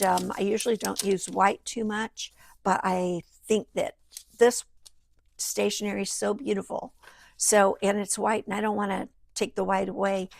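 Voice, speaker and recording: A woman chatting casually as she walks through her handmade journal work, thinking aloud, rambling and drifting into soft murmurs at her craft table. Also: mid-range voice, gravelly, no echo. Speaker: journal maker. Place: home craft table beside a sewing machine.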